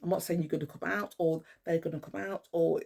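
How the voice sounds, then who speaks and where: A woman's voice: on the low side, steady tone, a little fast, vocal fry, dark tone. A middle-aged woman, speaking at home in a rambling, casual spiritual monologue, swearing often and restarting her sentences. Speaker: spiritual vlogger. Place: at home indoors with a cat.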